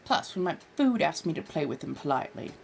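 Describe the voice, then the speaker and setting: A woman's voice: deep voice, sing-song, fast talker, creaky. A woman hosting a live stream in character as an ancient vampire, chatting and reading tarot with theatrical, old-fashioned genteel phrasing.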